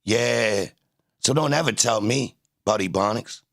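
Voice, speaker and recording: In a lowish, fairly bright voice with vocal fry, a man streams live while reacting to trial footage, speaking a little slowly. He spars with his chat in a taunting, confrontational manner, returning to the same jabs repeatedly.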